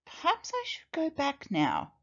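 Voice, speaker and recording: A woman's voice: high-pitched, huge pitch swings, measured pace, gravelly, dull audio, pitched above the performer's own voice, full character voice. A woman voicing a young, polite boy elephant who is lost and pleading for help. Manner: pleading, anxious.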